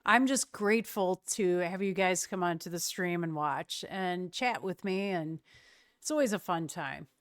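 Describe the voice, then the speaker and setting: A woman streamer chatting casually with her viewers, relaxed and quick to laugh. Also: fairly low pitch, dry recording, clean studio sound.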